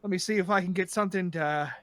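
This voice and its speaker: A man's voice: high voice, quick pace, a bit bright, no room sound. A man voicing a drunk, boastful male tiefling who just got rich from a heist, with a put-on Irish accent and a jovial, bragging manner.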